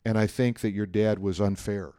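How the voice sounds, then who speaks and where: A middle-aged male pastor telling a personal story in a sermon, animated and joking, often checking in with the listeners. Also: lowish voice, moderate pace, clear, resonant tone, no echo. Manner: animated storytelling, jokey asides, frequent "right?".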